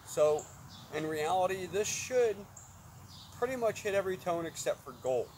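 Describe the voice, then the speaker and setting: This man has a high-pitched, animated voice with a darkish tone and moderate pace. Reviewing a metal detector in his yard, he plainly calls out each tone while testing coins and metals, on a rough recording with outdoor noise.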